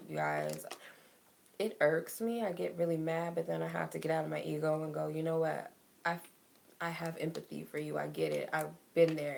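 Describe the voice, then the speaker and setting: A woman's voice: low voice, vocal fry, a little mellow, a little hiss or hum. A young woman tarot reader talking casually and emotionally to her viewers about letting go, filling her speech with "like". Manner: emotional, heartfelt, says "like" often. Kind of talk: casual spiritual talk to viewers.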